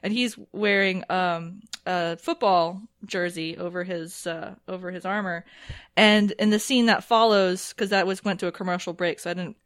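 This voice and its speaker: Host type: woman in casual chat, animated recaps, frequent laughs, dry close sound. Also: on the low side, normal speed, dry recording. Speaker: podcast host.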